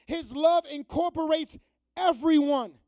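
High-voiced man preaching a casual sermon. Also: unhurried, no room sound, low-quality recording. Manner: conversational preaching, drops to a hushed prayerful tone; slangy street talk mixed with scripture. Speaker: youth pastor.

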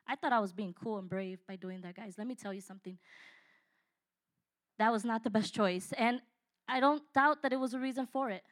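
A woman's voice: a little high, a little fast, pauses often. A woman in her fifties giving an impassioned personal testimony, speaking earnestly and directly to her listeners. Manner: earnest, addresses listeners directly, dynamic delivery.

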